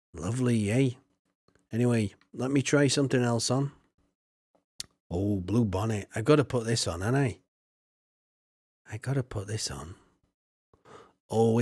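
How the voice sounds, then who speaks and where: Guy rambling and joking through a game stream, mid pitch, dry close sound. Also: darkish tone, slightly rough, no room sound. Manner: chatty, jokey, reads chat aloud. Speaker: streamer playing a farming game. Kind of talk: casual gaming commentary.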